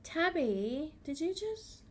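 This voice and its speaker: A woman's voice: sits high, sing-song, slow. A woman streaming a game, chatting casually and bubbly with her viewers. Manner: bubbly, thanks viewers, gasps and squeals. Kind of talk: casual livestream chat while gaming.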